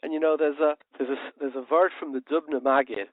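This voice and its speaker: A man with a high-pitched voice delivers a passionate, sermon-like monologue as a radio host. He keeps asking rhetorical questions and slips into parables. The sound is thin and tinny, like a phone line, and very dry. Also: steady tone, brisk, no echo.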